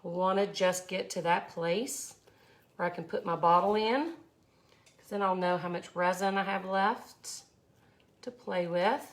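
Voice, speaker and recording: A woman's voice: fairly low pitch, steady tone, a little slow. Chatty Mississippi-accented woman teaching resin art. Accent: Mississippi Southern. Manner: chatty, effusive, exclaims often. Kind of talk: live art tutorial.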